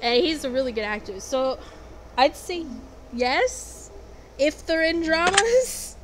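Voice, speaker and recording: A young woman with a slightly high voice talks through an online quiz in casual vlog style. She is blunt and sarcastic and swears constantly. Steady noise sits behind her voice. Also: takes it slowly. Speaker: vlogger. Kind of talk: casual commentary answering quiz questions. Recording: noisy background.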